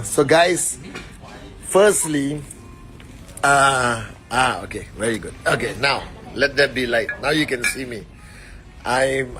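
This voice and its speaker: A man hosting a motivational live stream on his phone indoors, greeting viewers warmly and giving shout-outs. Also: medium pitch. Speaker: network marketing leader.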